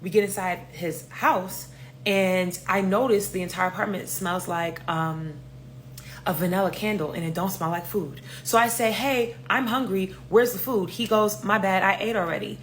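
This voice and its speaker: Speaking at a fairly low pitch and a normal pace, this young woman from New York recounts a story in her native accent. She's relaxed and lively, swears without restraint, and voices the other people herself, over a bit of background noise.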